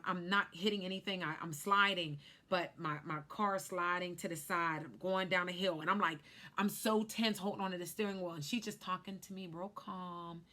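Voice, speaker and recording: A woman in her thirties tells a personal story on a vlog, animated and lively, acting out what people said. Her voice is bright and forward, with a clear, ringing edge. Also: fairly low pitch. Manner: animated storyteller who acts out quotes. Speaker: life insurance agent.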